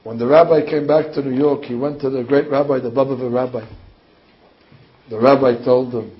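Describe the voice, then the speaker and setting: A man's voice: mid-range voice, fairly even intonation, normal speed. A man preaching, telling a story animatedly, with restarts and sudden soaring emphasis. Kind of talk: sermon storytelling. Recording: dull lo-fi recording.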